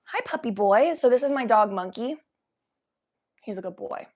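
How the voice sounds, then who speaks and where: A young woman hosting a casual livestream from her room at home, talking loosely, high and coughing from smoke. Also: lively intonation, moderate pace, darkish tone. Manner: loose, chatty, often coughing between lines. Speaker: livestream host. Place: home bedroom.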